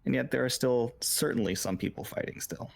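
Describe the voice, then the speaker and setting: A man's voice: mid-range voice, brisk, vocal fry. A man narrating as game master in a tabletop game, loose and full of fillers.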